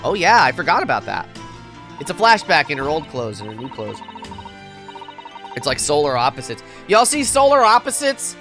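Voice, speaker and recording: Goofy guy streamer rambling while he plays, bright bouncy voice, game music low behind. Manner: playful and giggly, rambling asides. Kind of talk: casual gaming commentary.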